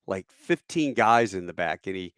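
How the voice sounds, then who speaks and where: A middle-aged man retells a veteran's war story in casual spoken style, pausing on fillers and acting out what people said. His voice sits low and the sound is dry and close. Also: clear, resonant tone, dry recording. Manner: animated, many fillers, acts out quotes.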